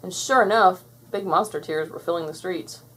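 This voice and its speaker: A woman narrating a children's storybook aloud in an expressive, clear storytelling manner. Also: lowish voice, normal speed, rough recording. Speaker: storybook reader.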